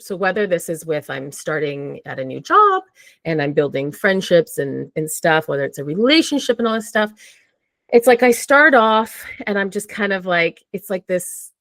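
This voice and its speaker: A woman's voice: fairly low pitch, a bit bright, no room sound. Candid woman, dry close sound. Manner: candid, swears freely, acts out her own inner voice. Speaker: podcast guest. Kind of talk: casual conversation.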